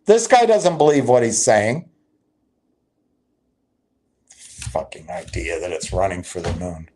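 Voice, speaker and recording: Man, livestream host, slow deliberate pace, emphatic, agitated commentary. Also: fairly low pitch, wildly swooping pitch, dark tone, slight background noise. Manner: emphatic, agitated, reads chat aloud. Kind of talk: live stock market commentary.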